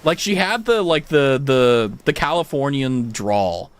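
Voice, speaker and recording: A man's voice: medium pitch, a little slow, clear, resonant tone. A young adult man with an American accent, a streamer telling stories in casual chat with his viewers, full of fillers and swearing. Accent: General American. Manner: animated storytelling, frequent swearing, many fillers.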